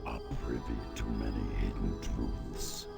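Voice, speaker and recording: A man voicing a sinister, cryptic figure in a lodge, speaking slowly in a deep gravelly whisper. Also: steady tone, loud music behind the voice, full character voice. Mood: ominous. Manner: slow, ominous, riddling.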